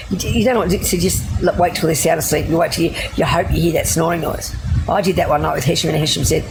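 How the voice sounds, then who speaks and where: A middle-aged Australian woman livestreams, telling stories to her viewers in a blunt, laughing way and swearing freely. Her voice is lowish, steady, and creaky, she talks fast, and the background is noisy.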